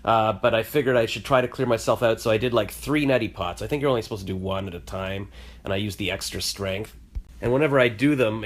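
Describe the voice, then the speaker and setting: A man's voice: mid-range voice, fairly bright tone. A man with a stuffy, nasal voice from a cold, casually telling a rambling, self-mocking story to his phone camera and acting out the other people's lines. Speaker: vlogger.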